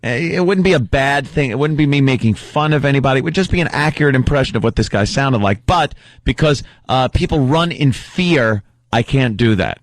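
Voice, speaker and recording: A man's voice: mid-range voice, expressive, fairly quick, no room sound. A man hosting a radio talk show, telling a story in casual banter and acting out other people's lines.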